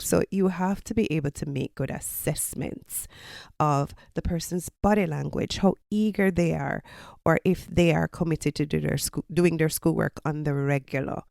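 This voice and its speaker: Woman, Jamaican accent, deep voice, dry close sound, teacherly explaining. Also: creaky, darkish tone, no room sound. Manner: explanatory, teacherly, with personal anecdotes. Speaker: podcast host and college lecturer. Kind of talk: casual advice talk.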